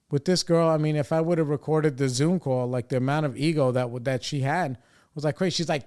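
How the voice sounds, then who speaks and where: A man's voice: a little high, brisk. A young adult man and podcast host telling a story in casual chat, swearing often and sounding exasperated. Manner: profane, animated, exasperated retelling.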